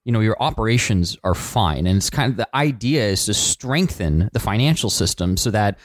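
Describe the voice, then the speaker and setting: A man co-hosting an economics discussion, explaining financial markets in a measured, casual way. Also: on the low side, lively intonation, no room sound, clean studio sound.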